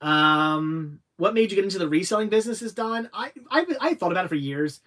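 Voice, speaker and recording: A young adult man with a somewhat higher-than-average voice chats casually through a livestream. He reads viewer questions aloud, then answers in a loose, rambling way, full of restarts and halting pauses. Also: lively intonation, a bit bright. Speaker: livestream host answering chat.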